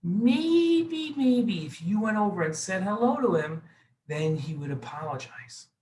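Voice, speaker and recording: A gentle male high priest from a children's storybook, as a man puts him on. He talks softly and coaxingly, in a fairly high voice, gently nudging two quarrelling friends toward making up. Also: lively intonation, normal speed, roomy sound, lightly acted.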